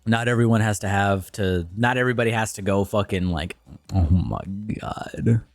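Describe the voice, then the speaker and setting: A man's voice: lowish voice, fairly even intonation, brisk, no echo, faint music behind. A young man streaming and commenting casually, ranting in a blunt, profane way.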